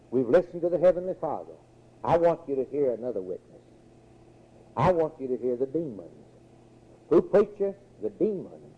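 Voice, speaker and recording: A male preacher delivers a sermon with insistent, repetitive emphasis. His voice sits somewhat higher than most men's. The recording is muffled and lo-fi. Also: husky. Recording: dull lo-fi recording.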